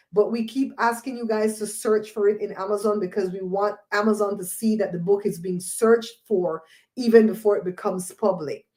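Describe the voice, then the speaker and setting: Animated woman hosting a casual chat. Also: mid-range voice. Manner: animated, preachy, laughs often. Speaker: host.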